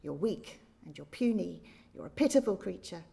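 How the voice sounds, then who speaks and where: A woman voicing a cruel man in a children's story who scornfully and quickly tells a caged tiger she is ugly and weak. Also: on the low side, animated, vocal fry, mellow.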